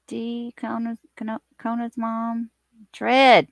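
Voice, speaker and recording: Chatty woman with a gravelly voice. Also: unhurried, long pauses, no echo, clean studio sound. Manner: chatty, greets viewers by name; animated, lively swings in pitch and loudness. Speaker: live-stream host. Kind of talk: casual live-stream chat.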